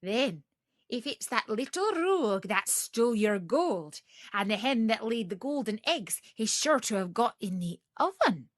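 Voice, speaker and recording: An ogre's wife soothes and fusses in a raised, sing-song voice, as a woman reading a storybook puts her on. Her words come slow and coaxing. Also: fairly high pitch, big pitch swings, dry recording.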